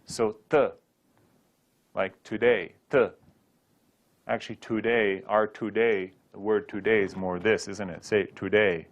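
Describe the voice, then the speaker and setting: A man's voice: on the low side, level tone, a little slow, dull audio. A man teaching a Sanskrit pronunciation class, drilling syllables aloud for students to repeat. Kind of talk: classroom lecture.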